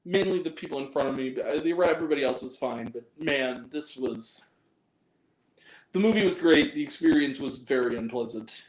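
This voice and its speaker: A man's voice: mid-range voice, expressive, normal speed. A man hosting a movie review vlog, venting in a heated, profane rant and often repeating himself. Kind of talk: angry ranting vlog monologue. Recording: roomy echo.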